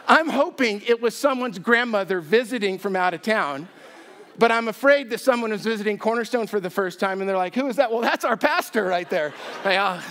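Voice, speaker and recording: A man preaching a sermon, telling a story with self-deprecating humor and an animated, chatty delivery. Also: high-pitched. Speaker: pastor. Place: church sanctuary.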